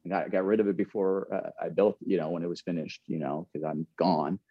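A man's voice: low-pitched, little pitch movement, brisk, husky, no room sound, lo-fi sound. An earnest man in middle age, a former pro ball player telling a candid story, often repeating and restarting his phrases.

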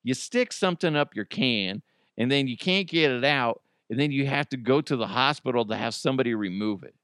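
A man's voice: medium pitch, a little fast, clean tone, dry recording. Forties guy podcasting, giggly, voice bouncing all over, dry close mic. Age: 40s. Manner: giggly, excitable, laughs often. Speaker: podcast host. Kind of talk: casual solo podcast chat.

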